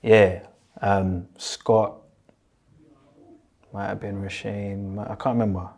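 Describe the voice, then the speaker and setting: A man's voice: lowish voice, little pitch movement, takes it slowly, a little mellow. Laid-back London-Jamaican young man. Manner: laid-back street slang, lots of "you get me". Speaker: guest. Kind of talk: casual interview, storytelling.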